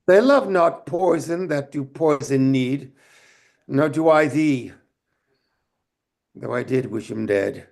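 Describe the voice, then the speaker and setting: A man's voice: mid-range voice, lively intonation, takes it slowly, creaky, pauses often, a little mellow. A man on a video call reading a speech in an amateur online play reading, with the hiccups. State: has the hiccups. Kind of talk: Shakespeare reading, then casual chat.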